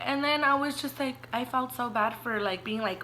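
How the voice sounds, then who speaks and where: A woman's voice: on the high side, moderate pace, few pauses, pushed and bright. A young woman vlogger telling a personal story in a chatty, emotional way, often saying "like" and getting teary. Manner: chatty, emotional, heavy use of "like".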